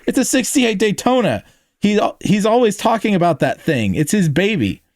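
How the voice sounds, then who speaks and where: High sarcastic woman, put on by a man, lively, excitable, storybook, dry close sound. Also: moderate pace, no echo, natural voice. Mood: excited.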